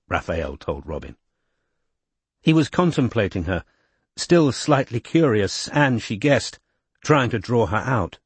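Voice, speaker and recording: A man narrating a novel in a measured, expressive way. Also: on the low side, slightly rough, no echo. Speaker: audiobook narrator. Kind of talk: scripted narration.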